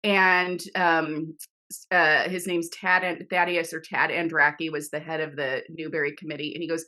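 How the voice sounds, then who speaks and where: A middle-aged woman, an author, telling a story in a casual interview over a video call, animated and laughing often, with many restarts. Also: low-pitched, normal speed. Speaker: author guest.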